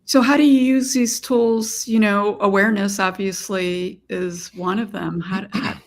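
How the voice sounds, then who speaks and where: A woman hosting a podcast, asking her guest questions with quick enthusiasm. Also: mid-range voice, fairly even intonation. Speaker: podcast host. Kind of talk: interviewing a guest.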